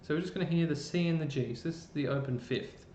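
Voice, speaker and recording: A man's voice: fast talker, a little mellow. A man with an Australian accent presenting a casual live-stream music lesson, chatty, with plenty of fillers and restarts. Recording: roomy dull live-stream audio with faint rumble.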